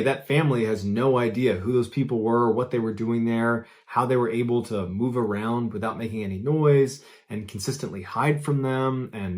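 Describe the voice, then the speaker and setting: A man in the host's seat telling a creepy true story in a relaxed, conversational way. His voice sits at an ordinary middle pitch. He leans on key moments and builds suspense with steady emphasis. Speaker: host and storyteller. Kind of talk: casual storytelling.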